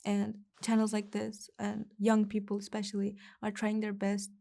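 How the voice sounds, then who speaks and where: A young woman from East Turkestan, speaking softly and hesitantly as an interview guest, with frequent fillers. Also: medium pitch, monotone, normal speed, vocal fry. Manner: soft-spoken, hesitant with fillers. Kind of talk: personal interview.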